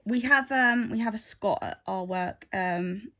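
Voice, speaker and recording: A woman's voice: mid-range voice, measured pace, fairly bright tone. A woman chatting casually while she stitches at home. She rambles through asides, recorded on a phone. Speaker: craft vlogger.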